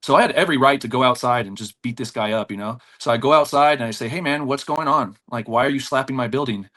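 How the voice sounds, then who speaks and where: A man talking on a podcast about martial arts and fights he has faced. He gets animated and laughs as he goes, and his voice jumps high when he acts out the people in his stories. His pitch sits in the middle for a man. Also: fast. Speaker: jiu-jitsu black belt and gym owner, podcast guest. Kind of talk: storytelling in a podcast interview.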